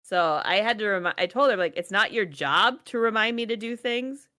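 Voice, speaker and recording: A woman in her thirties co-hosts a casual chat podcast. Her pitch swings widely as she tells stories, laughing often and swearing now and then. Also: lively intonation, moderate pace, pushed and bright. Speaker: podcast co-host.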